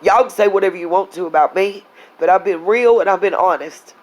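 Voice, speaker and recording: A woman's voice: fairly low pitch, a little fast, a little mellow, poor audio. A woman, angrily venting to her viewers in a casual vlog, blunt and heated, talking to them as y'all. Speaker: vlogger. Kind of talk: angry casual vlog rant.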